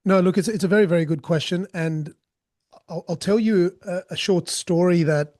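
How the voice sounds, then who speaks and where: A man's voice: high voice, normal speed, darkish tone. A man, a guest telling stories in a candid, joking, rambling way. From Australia. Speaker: guest, street interviewer. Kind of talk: casual storytelling interview.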